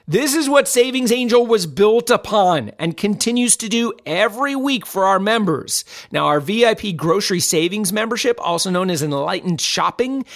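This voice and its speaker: A man with a fairly high voice hosts a money-saving talk. He reads quotes with chatty asides and quick self-corrections. The sound is close and dry. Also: a bit bright, no echo. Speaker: host of a money-saving channel. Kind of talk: casual chat reading tips and pitching a membership.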